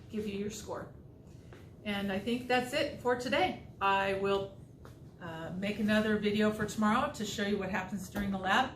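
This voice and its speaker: A woman's voice: medium pitch, fairly bright tone, distant mic, a little hiss or hum. A woman science teacher talking students through a lab procedure step by step in a casual, instructive way. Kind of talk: recorded remote lesson walkthrough. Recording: echoey room, voice off-mic.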